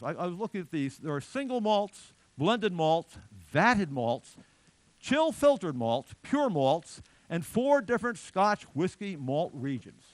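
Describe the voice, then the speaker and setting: A man's voice: sits high, a bit bright, no echo. A middle-aged man giving a public lecture in a chatty, digressive way with joking asides.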